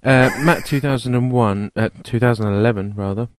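A man's voice: medium pitch, a little fast, no echo. A man co-hosting a podcast, reading listener questions with playful mockery. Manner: mocking, playful. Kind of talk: casual banter.

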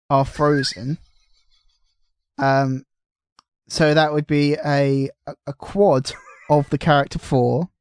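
A man hosting a relaxed podcast chat and reading listener questions aloud. His voice sits a little higher than most men's and is recorded close and dry. He trips over certain words and laughs at himself. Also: slow, long pauses, smooth, no room sound. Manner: self-mocking, trips over words with 'th' sounds. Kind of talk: casual chat.

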